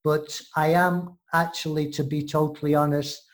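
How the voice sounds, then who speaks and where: A woman's voice: deep voice, flat delivery, normal speed. Playful English woman co-host. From England. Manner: playful, teasing, theatrical. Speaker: podcast co-host. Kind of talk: casual chat.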